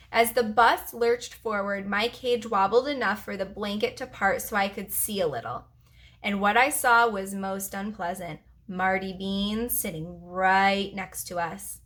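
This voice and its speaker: A woman teacher reading a children's chapter book aloud to her preschool class, with expressive storytelling. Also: mid-range voice, unhurried.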